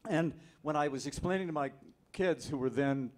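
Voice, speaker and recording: A man telling a lively anecdote as an actor on a convention panel, speaking into a handheld mic. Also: fairly high pitch, moderate pace. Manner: lively, animated storyteller. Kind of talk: storytelling anecdote. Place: convention hall.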